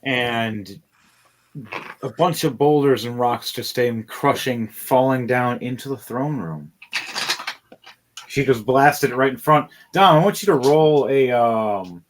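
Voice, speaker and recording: Dude running a d&d game, rambling narration, lots of ums and swearing. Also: male voice, mid-range voice, lively intonation, slow, a little hiss or hum. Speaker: dungeon master.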